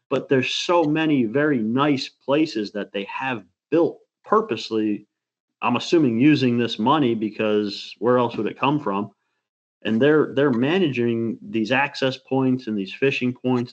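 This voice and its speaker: Male co-host, chatty and rambling, medium voice, a little muffled recording. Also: medium pitch. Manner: rambling, animated storyteller. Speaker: podcast co-host. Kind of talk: casual chat.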